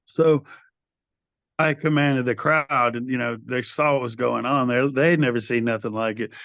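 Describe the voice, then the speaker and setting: An older man in his sixties tells stories on a podcast, lively and loose, slipping into the voices of the people he quotes. His voice sits at an everyday pitch. The recording is dry and a little dull, with no room sound. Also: normal speed, vocal fry, no room sound. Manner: animated storyteller who acts out quoted people, calls the host brother. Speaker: interview guest, metal singer. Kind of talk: casual storytelling interview.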